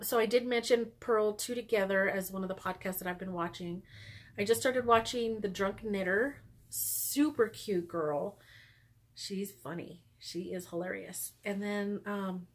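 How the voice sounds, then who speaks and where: A woman hosting her knitting podcast, chatting casually and upbeat from home with frequent ums and little laughs. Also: mid-range voice. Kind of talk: casual knitting vlog chat.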